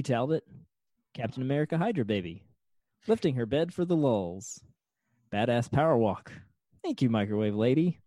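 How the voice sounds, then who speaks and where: Wry mellow-voiced male co-host. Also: medium pitch, no room sound, clean studio sound. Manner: wry, reads listener titles aloud. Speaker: podcast co-host. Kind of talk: casual chat.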